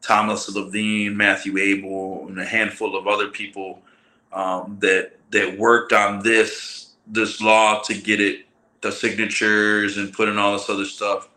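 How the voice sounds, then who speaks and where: A man's voice: on the low side, unhurried. A man from telling a long story in casual, profane slang, acting out the people he quotes. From Michigan, US. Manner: profane, slangy, animated retelling with quoted voices. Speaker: podcast guest, cannabis grower. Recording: roomy echo.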